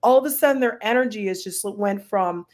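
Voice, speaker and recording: Woman, mid pitch, calm, earnest, spiritual coach explaining. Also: brisk. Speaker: energy healer and spiritual coach. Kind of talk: casual spiritual chat.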